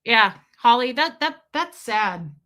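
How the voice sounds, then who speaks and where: A woman's voice: fairly high pitch, expressive, takes it slowly, bright, forceful tone. A woman in her thirties hosting a livestream, chatting casually with viewers and reading their comments, rambling from topic to topic with the odd swear. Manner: rambling, chatty, swears, mimics movie lines. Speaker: livestream host reading chat. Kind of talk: casual chat with live viewers.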